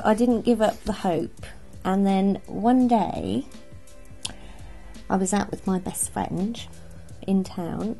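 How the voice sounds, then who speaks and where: Gravelly-voiced woman telling a lively story. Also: mid-range voice. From England. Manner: animated storyteller acting out voices. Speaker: dog trainer interviewed as guest. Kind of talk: warm storytelling interview answers. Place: outdoors by a river.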